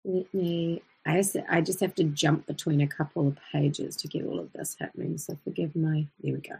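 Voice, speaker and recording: A woman's voice: lowish voice, normal speed, gravelly, fairly bright tone, husky. A woman teaching an online voice lesson, explaining in a chatty way with fillers and self-corrections.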